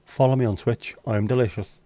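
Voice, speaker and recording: A man's voice: mid-range voice, fairly even intonation, fast, dark tone. A man hosting a casual livestream, bantering and joking with his chat at a desk mic. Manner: banters, teasing, jokey asides. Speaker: livestream host. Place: indoors, home streaming room.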